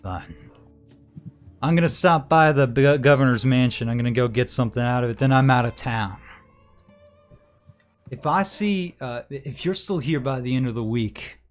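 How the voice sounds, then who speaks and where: A man's voice: medium pitch, moderate pace, pauses often, faint music behind, lightly acted. A man voicing a furious, foul-mouthed frontier enforcer. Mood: angry, threatening. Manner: swearing, loud, exasperated. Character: tough male gang boss's enforcer, angry, profane.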